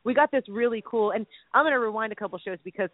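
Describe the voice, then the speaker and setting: A woman hosting a casual Christian radio chat, excitable and quick to laugh and exclaim. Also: a little high, no room sound. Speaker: radio show host. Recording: tinny phone-like line, dry.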